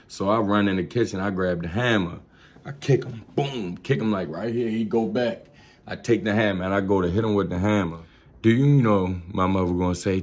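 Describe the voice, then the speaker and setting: A young man from tells a storytime vlog, animated, profane and slangy, with sound effects. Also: sits low. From Baltimore. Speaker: vlogger.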